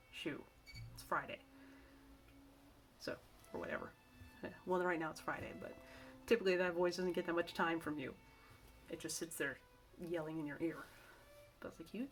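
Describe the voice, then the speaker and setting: A middle-aged woman talks casually to camera, rambling from one aside to the next and restarting her sentences. Her voice sits a little low for a woman. Faint music plays in the background. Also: animated, normal speed, long pauses. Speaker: vlogger giving work-from-home tips.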